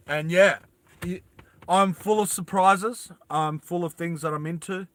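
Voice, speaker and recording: A man's voice: sits high, measured pace, fairly bright tone. A man hosting a live stream, chatting casually with viewers and reading their comments in a rambling, self-deprecating way. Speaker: livestream host.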